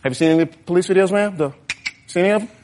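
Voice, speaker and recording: A man doing a stand-up comedy set on stage, talking straight to the audience in a lively, animated way. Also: sits high, racing. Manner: animated, talks straight to the crowd. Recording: live show with crowd noise.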